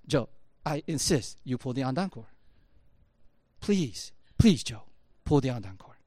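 A man putting on a Japanese accent to voice a polite, apologetic male factory executive who speaks slowly and earnestly. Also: medium pitch, no echo, clean studio sound, pitched below the performer's own voice, natural voice. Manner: soft, slow, earnest pleading.

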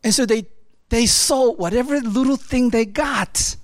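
Speaking unhurriedly in a very high voice, a male pastor gives an animated, conversational sermon. He checks in with his audience constantly by asking "right?", and there's no echo in the recording.

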